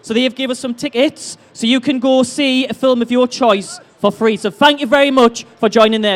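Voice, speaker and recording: A man hosting a fan convention stage, loud and playful as he banters with the crowd and runs a giveaway. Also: very high-pitched, fairly even intonation, brisk, hardly any pauses. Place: big indoor convention hall stage.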